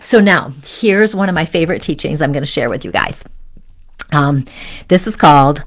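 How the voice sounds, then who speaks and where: Woman host, lowish voice, gentle coaching delivery on a live spiritual teaching stream. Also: lively intonation, normal speed. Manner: gentle coaching, frequent "right?" and "okay?" check-ins.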